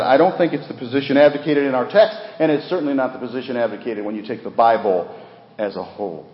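A man preaching a sermon with earnest emphasis, rising for key points and dropping low, in a church sanctuary. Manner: earnest, rises for emphasis then drops low, repeats words. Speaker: pastor. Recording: dull roomy recording with long reverb.

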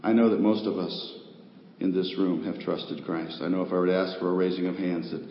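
A man with a lowish voice preaches a fervent sermon to his congregation, rising to loud proclamations and dropping to hushed appeals. The recording is lo-fi and dull, with a long hall reverb and a faint hiss underneath. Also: steady tone, brisk, vocal fry. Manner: emphatic preaching, swinging between loud declarations and quiet pleas. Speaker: pastor. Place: church sanctuary with a congregation. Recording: echoey hall, dull lo-fi sound with faint noise.

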